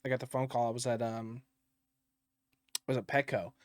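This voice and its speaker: A podcast co-host with a medium-pitched voice tells stories a little fast on a casual show, swearing a lot and laughing often. He's a profane, animated storyteller, recorded in studio quality with no room sound.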